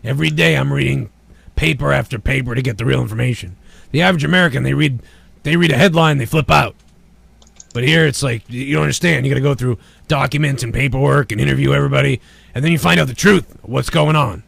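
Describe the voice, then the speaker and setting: Gravelly man in a talk-radio rant. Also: medium pitch, fast talker, fairly bright tone, no echo. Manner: ranting, angry, swearing. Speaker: comedy show host.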